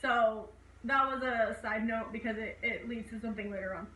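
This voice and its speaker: Animated young woman recapping a horror film. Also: on the high side, moderate pace, a little hiss or hum. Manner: animated, acts out scenes in raised voices. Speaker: co-host reviewing a horror film. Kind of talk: casual chat recapping a movie. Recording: echoey room, voice a bit far from mic.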